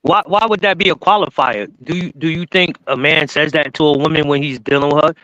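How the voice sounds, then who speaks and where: A man's voice: fairly high pitch, a little fast, sharp tone, no echo, lo-fi sound. A man on a live-stream panel, talking bluntly with laughing asides. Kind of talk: casual live-stream chat.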